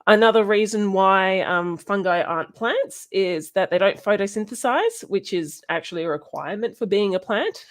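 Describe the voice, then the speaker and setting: A woman hosting a casual educational chat, halting often with ums and restarts and laughing now and then. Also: medium pitch, lively intonation. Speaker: podcast host.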